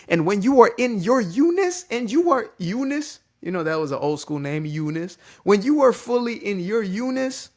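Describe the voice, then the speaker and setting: Male content creator, slightly high-pitched, loose and playful, pep talk straight to camera. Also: normal speed, few pauses. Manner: animated, joking, swears casually. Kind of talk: unscripted motivational monologue. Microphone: facing a ring light on camera.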